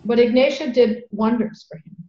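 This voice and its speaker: A middle-aged woman hosting a podcast, telling a story in an earnest, animated way and repeating phrases for emphasis. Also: on the high side, moderate pace. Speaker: podcast host. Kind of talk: conversational storytelling. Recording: roomy, dull lo-fi sound.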